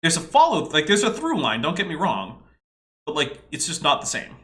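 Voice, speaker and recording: Animated, bright-voiced male host. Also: fairly high pitch, normal speed. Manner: exasperated, nitpicking, lecturing. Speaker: podcast host. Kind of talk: casual commentary on a video.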